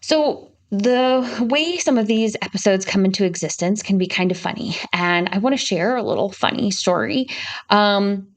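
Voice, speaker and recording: Woman podcast host from Michigan, young adult, casual reflective monologue with lots of fillers. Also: medium pitch. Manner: warm, reflective storytelling with many "you know" fillers.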